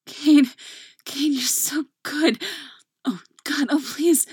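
A woman reading the lines of a breathless young woman lover, gasping and breathy. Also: high-pitched, sing-song, takes it slowly, no echo, studio quality, voice pushed up, exaggerated voice.

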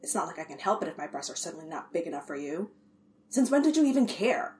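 A woman's voice: sits low, racing, close to an everyday voice. A woman reading a story aloud, voicing a blunt, irritable tough woman who talks curtly. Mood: irritated. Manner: blunt, curt.

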